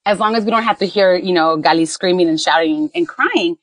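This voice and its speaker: A woman's voice: fairly low pitch, brisk, few pauses, no room sound. A woman on a mom podcast, telling a family story in casual chat and slipping into Spanish phrases. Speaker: podcast co-host, mother.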